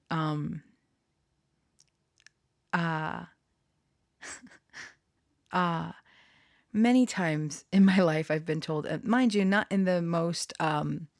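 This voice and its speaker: A woman's voice: fairly low pitch, dry recording, clean studio sound. A woman telling a rambling personal story in a casual monologue, giggling often and restarting her sentences with many fillers. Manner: self-conscious, embarrassed. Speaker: channeler and storyteller.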